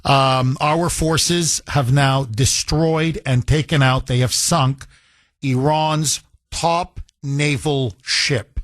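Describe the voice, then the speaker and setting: A man's voice: mid-range voice, steady tone, very slow, a bit bright. A male talk radio host, delivering an emphatic, opinionated monologue full of rhetorical questions.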